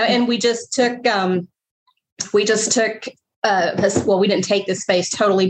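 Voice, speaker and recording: A woman's voice: mid-range voice, slight background noise, poor audio. A middle-aged woman, a bakery owner, telling her story in an interview, emotional and rambling.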